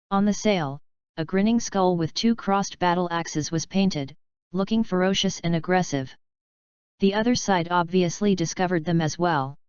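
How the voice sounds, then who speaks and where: A woman reading a fanfiction audiobook aloud in a steady, even narration. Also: fairly low pitch, clean tone, no room sound, muffled recording. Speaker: audiobook reader. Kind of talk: scripted narration.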